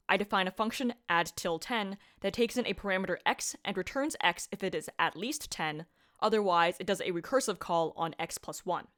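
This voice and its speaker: A woman's voice: mid-range voice, fairly bright tone. A woman lecturing on programming in a scripted voice-over, upbeat and playful with punchy asides. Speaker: computer science lecturer.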